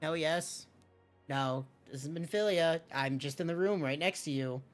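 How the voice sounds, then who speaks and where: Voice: mid-range voice, moderate pace, soft background music. A streamer chatting casually and swearing freely while playing a game live, often breaking off mid-sentence. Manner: profane, rambling, self-interrupting.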